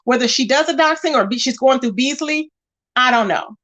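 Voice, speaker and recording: High-voiced sassy woman chatting live. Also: a little fast, fairly bright tone. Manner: chatty, sassy, greets viewers by name. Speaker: livestream host. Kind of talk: casual live chat, reading viewer comments.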